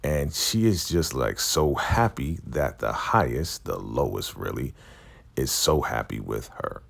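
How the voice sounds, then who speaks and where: A man with a very low, gravelly voice recaps a TV episode in a casual, animated way. His pitch swings widely as he jumps into the characters' lines. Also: unhurried. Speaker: TV recap vlogger.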